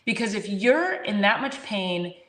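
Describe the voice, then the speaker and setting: A woman hosting a chiropractic talk show, telling a patient story in a casual, animated way and acting out both sides of the conversation. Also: medium pitch, a little slow. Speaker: chiropractor and podcast host. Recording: roomy echo.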